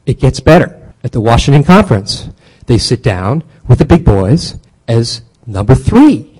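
A man giving a history lecture in a conversational way, halting often with fillers and restarts, then pressing key points with emphasis. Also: mid-range voice, big pitch swings, a little mellow, slightly rough, low-quality recording. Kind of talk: academic lecture.

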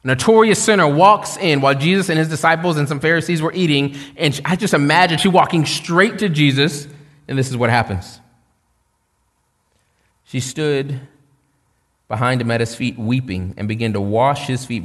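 A man's voice: medium pitch, in a large hall. A man preaching a sermon in a conversational, storytelling way with touches of humor. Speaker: pastor.

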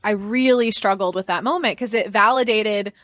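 A young woman telling a personal story as a podcast guest, chatty and expressive, laughing often and filling her sentences with "like" and "um". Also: medium pitch, normal speed, dry recording.

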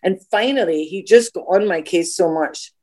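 A middle-aged Scottish woman, a singer, telling animated anecdotes as a guest, acting out other people's voices and swearing freely. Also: fairly low pitch, normal speed. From Scotland.

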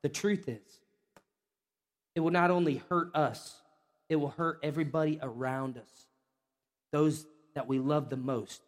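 Impassioned pastor preaching in a reverberant hall. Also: male voice, a little high, steady tone, a little slow, pauses often. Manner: impassioned, voice rising sharply on the repeated questions. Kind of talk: sermon. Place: church sanctuary.

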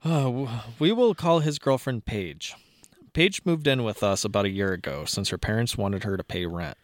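Man, casual podcast co-host, fairly low voice, dry close sound, laughs a lot. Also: normal speed, no room sound. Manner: laughs often, animated when reacting. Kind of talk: casual podcast chat, reading a post aloud.

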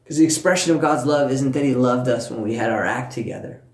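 A man preaching a sermon, telling a personal story with warmth and earnest emphasis, speaking to listeners at home. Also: medium pitch, fast talker, gravelly, echoey room. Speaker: pastor.

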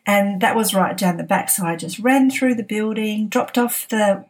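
A woman's voice: medium pitch, normal speed. A middle-aged woman hosting a podcast, casually telling a funny workplace story and laughing often as she talks. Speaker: podcast host.

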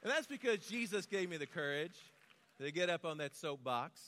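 An American man delivers a sermon, mixing quiet personal storytelling with a rhythmic, repeated closing litany. His voice sits a little high for a man. The sound carries a long hall reverb. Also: expressive, normal speed, a faint crowd, a little hiss or hum. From United States. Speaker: preacher.

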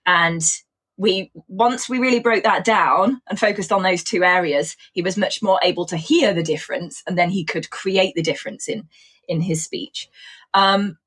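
A woman with a hybrid British accent, shaped by years of travel, talks through her teaching in a chatty, explanatory way. Her voice is a little husky and breathy, sitting at an ordinary middle pitch. She sounds like a language teacher answering an interview question. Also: moderate pace, fairly bright tone. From England. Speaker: English teacher.

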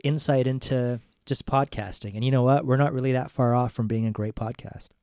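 A man's voice: medium pitch, steady tone, fairly quick, dark tone, dry recording, clean studio sound. A man co-hosting a podcast, chatting casually and rambling through stories about movies. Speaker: podcast co-host. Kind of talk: casual chat.

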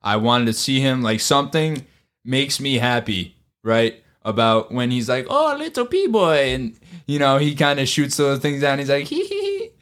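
A man's voice: mid-range voice, fairly even intonation, moderate pace, fairly bright tone, clear, resonant tone. A man with a mid-range voice hosting a casual sports podcast. He talks animatedly, swears freely and acts out other people in exaggerated voices. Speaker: podcast host. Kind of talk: casual chat.

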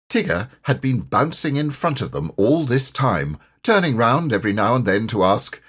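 Husky, expressive storybook narrator, man. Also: mid-range voice, moderate pace, few pauses. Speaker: audiobook reader.

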